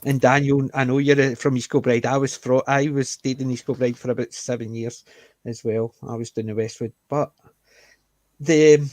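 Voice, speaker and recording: A man's voice: medium pitch, fairly even intonation, moderate pace, a little mellow, no room sound. A Scottish man chatting casually, explaining at length with frequent restarts and self-corrections. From Scotland. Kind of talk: casual chat.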